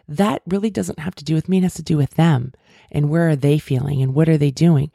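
A woman's voice: deep voice, brisk, vocal fry, warm tone, no echo, studio quality. A middle-aged woman hosting a podcast, talking earnestly and at length in a coaching tone about feelings. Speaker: podcast host. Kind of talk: casual self-help talk.

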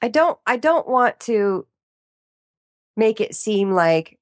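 A woman voiceover artist chatting as a podcast guest, animated and playful with quick asides. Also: on the high side, dry recording, studio quality. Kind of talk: casual chat.

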